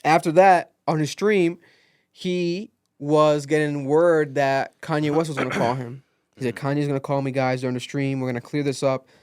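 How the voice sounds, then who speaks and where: A young man hosting a casual podcast, telling a story with lively acted-out quotes. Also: a little high, moderate pace, smooth, dry recording, studio quality. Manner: animated storytelling, acts out quotes. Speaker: podcast host.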